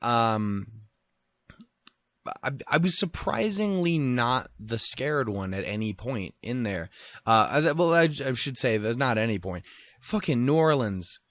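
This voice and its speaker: A young man from Montana rambles through a casual podcast rant, swearing freely and breaking into lively put-on quotes. His voice sits at an ordinary pitch for a man. The sound is dry and close, with no room around it. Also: a little slow, no echo. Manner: profane, rambling, animated quoting. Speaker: podcast host.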